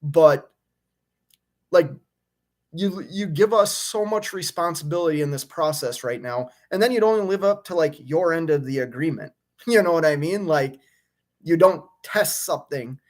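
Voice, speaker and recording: Worked up trucker guy ranting on a live stream, kinda high voice, keeps restarting, fed up. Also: animated, normal speed. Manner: frustrated, fired up, venting with many restarts. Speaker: owner-operator truck driver streaming live. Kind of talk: live stream rant and chat reading. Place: hotel room.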